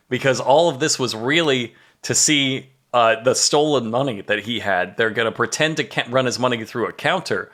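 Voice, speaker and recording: Bright-voiced man recapping a TV plot. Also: mid-range voice, moderate pace. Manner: animated storytelling, laughs at own jokes. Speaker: podcast co-host recapping an episode. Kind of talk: casual comedic chat.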